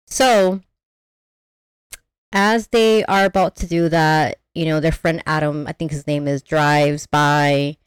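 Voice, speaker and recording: Woman podcast host, casual film recap, lower voice, close and dry, animated storyteller with a foul mouth. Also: slow, clear, resonant tone, dry recording. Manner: animated storytelling, swears freely, acts out characters. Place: remote call.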